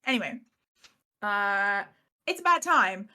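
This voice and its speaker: A British woman recapping a tabletop game in casual, rambling chat, self-mocking and quick to laugh. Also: mid-range voice, animated, pushed and bright. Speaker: player giving the recap.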